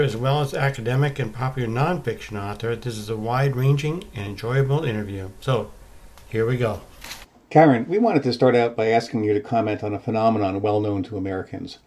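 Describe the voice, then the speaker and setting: Male host, warm and mellow, reads careful scripted questions. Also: medium pitch, a little fast. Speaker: podcast host. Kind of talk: scripted intro and interview question.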